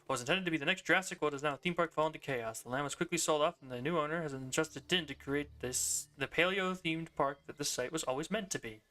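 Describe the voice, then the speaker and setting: A man's voice: a little high, fast talker, hardly any pauses, bright, forceful tone. A young man streaming a video game, chatting casually and rambling, often laughing. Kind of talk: casual gameplay commentary.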